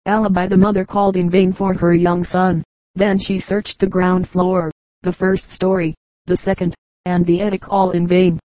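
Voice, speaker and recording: Woman narrator, audiobook of short jokes, mellow dark tone, lowish voice, dry close mic. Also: no room sound, low-quality recording. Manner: even, measured storytelling. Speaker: audiobook reader. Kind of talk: audiobook narration of humorous anecdotes.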